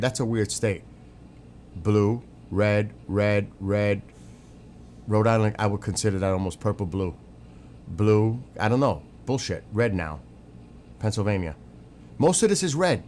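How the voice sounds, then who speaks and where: A man's voice: fairly low pitch, expressive, unhurried, long pauses, a little mellow, slight background noise. A man streaming, giving opinionated, rambling casual commentary and answering chat, swearing now and then. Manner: answers chat viewers by name.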